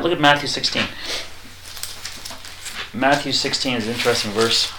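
A man preaching a sermon, reading scripture aloud and acting out the quoted lines in a lively way. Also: moderate pace, pauses often, roomy sound, a little hiss or hum, rough recording. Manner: animated, acts out quoted lines with rising pitch; reads scripture aloud in King James wording.

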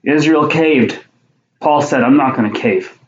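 A man's voice: medium pitch, a little slow. A man preaching a sermon, reading Bible verses aloud and then explaining them in plain conversational talk, often repeating his words. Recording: roomy, dull lo-fi sound.

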